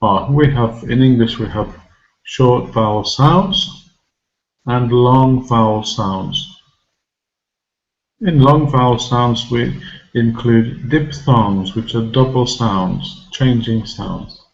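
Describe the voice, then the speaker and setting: A man teaching English vocabulary and pronunciation, saying each word slowly and clearly for learners to repeat. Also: medium pitch, muffled recording. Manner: slow, deliberate enunciation, modelling words for repetition. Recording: roomy echo with loud music behind.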